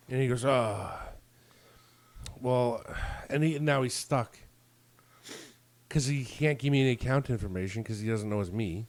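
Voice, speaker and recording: A man's voice: medium pitch, moderate pace, long pauses, no room sound. A man on a podcast, telling a story in casual chat, acting out both sides of phone calls and swearing freely. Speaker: podcast co-host.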